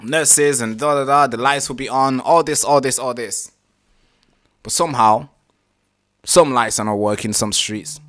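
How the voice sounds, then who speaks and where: A man hosting a live reaction stream, talking casually, animated and exasperated, swearing freely. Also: medium pitch, a little slow.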